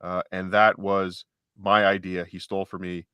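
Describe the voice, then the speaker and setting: A man's voice: deep voice, flat delivery, normal speed, a bit bright, clean tone, no room sound, studio quality. A man co-hosting a casual livestream chat, rambling and joking with mock-indignant asides. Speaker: co-host.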